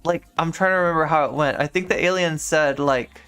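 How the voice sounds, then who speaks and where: A woman's voice: sits low, brisk, a bit bright, smooth, soft background music. A woman streamer chatting casually while playing a game, rambling and leaning heavily on filler words as she talks. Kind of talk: casual live-stream chat while gaming.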